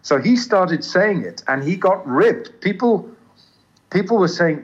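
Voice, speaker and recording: An older man with a smooth English accent that carries traces of Southern African talks about his work as a commentator. His voice sits a little high, and he speaks with earnest emphasis and frequent restarts. The audio is dull and lo-fi. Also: lively intonation, measured pace. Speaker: cricket commentator. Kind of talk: interview conversation.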